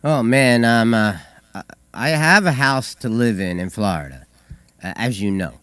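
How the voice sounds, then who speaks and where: A hoarse man co-hosting a call-in show, telling stories with hesitant fillers and dry humor. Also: mid-range voice, lively intonation, moderate pace, fairly bright tone, dry recording. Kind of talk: casual radio chat.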